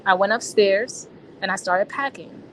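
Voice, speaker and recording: A woman's voice: mid-range voice, measured pace, a bit bright, slight background noise, low-quality recording. A woman being interviewed, recounting a personal experience in casual, slangy speech with frequent restarts.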